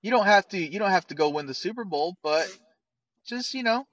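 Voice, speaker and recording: A man's voice: high-pitched, animated, a little fast, fairly bright tone, lo-fi sound. A man co-hosting a podcast in casual, joking talk, loose and swearing. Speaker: podcast co-host. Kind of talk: casual chat.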